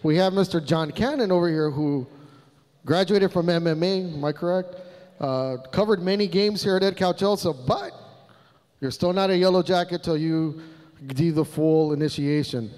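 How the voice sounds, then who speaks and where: A man hosts a school district assembly, calling out chants to the crowd with energy. His voice is high and smooth. It rings with the long reverb of a big hall heard through the PA. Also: moderate pace. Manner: energetic, leads call-and-response chants. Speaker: emcee. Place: large hall.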